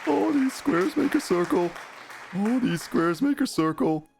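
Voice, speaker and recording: A man doing an impression of a creepy, high-voiced male genie servant, repeating his line in a flat, eerie way. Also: unhurried, creaky, soft background music, a faint crowd, full character voice.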